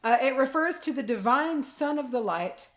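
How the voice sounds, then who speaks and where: A woman's voice: high voice, animated, moderate pace. A woman co-hosting a casual podcast, talking in a chatty, rambling way and laughing often. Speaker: podcast co-host. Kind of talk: casual chat.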